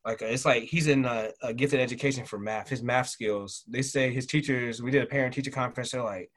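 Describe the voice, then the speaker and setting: A man in his thirties from the American South, a military father talking as a guest in a relaxed chat. He talks loosely with lots of fillers and livens up when quoting people. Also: mid-range voice, brisk. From Southern United States. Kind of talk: casual conversational storytelling.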